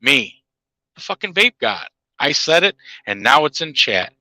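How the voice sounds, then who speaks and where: A man's voice: on the high side, sing-song, a little slow, gravelly, pushed and bright, no room sound, low-quality recording. A man ranting in a heated, profane monologue to his viewers, laughing at his own jabs. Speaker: channel host.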